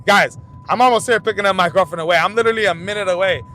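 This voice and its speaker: Talking very fast in a pushed, bright voice, a young fight commentary host tells loose and profane stories while driving. His casual storytelling rambles with frequent restarts, and vehicle rumble fills the background.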